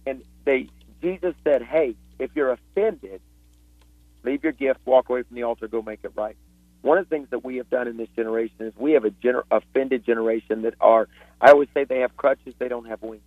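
A man's voice: mid-range voice, a little fast, no room sound. A man preaching with fervent, earnest storytelling as a guest author on a radio talk show. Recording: dry tinny phone line.

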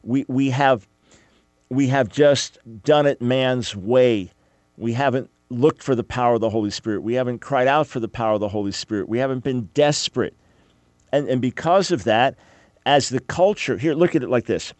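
A man's voice: mid-range voice, moderate pace, darkish tone, no echo. A man hosting a radio talk show, preaching fervently and emphatically, often repeating his phrases.

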